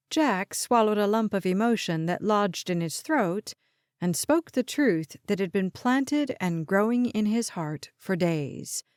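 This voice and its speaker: A woman narrating a novel as an audiobook in a slow, even storytelling manner. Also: mid-range voice, clear, resonant tone, no room sound, clean studio sound. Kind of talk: scripted narration.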